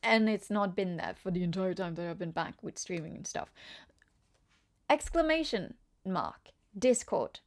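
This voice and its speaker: On this live stream, a Norwegian tarot reader with a Norwegian accent speaks in a fairly low, expressive voice at a slightly slow pace. She's chatty and casual, often laughing as she handles comments from chat.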